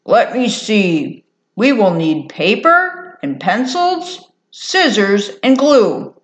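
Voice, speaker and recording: A woman voicing a gentle, shy male mole in a children's story, speaking in a slow, calm, fond way. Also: medium pitch. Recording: roomy echo.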